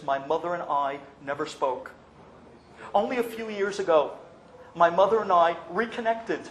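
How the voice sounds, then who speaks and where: A bitter, unforgiving middle-aged daughter, quiet and cold, as a man storyteller puts her on. She sounds roomy and echoey, with faint ambience behind her. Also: a little high, a little hiss or hum, lightly acted.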